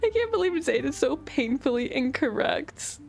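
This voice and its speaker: A woman's voice: high voice, very animated, moderate pace, gravelly, darkish tone, faint music behind. A woman streaming a story game, reading out the characters in turn and chatting between lines.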